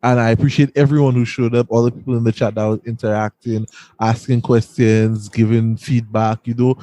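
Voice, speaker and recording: A man's voice: medium pitch, level tone, fairly quick, dark tone, no room sound, low-quality recording. A man co-hosting a podcast in casual chat, laid-back with many fillers. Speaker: podcast co-host.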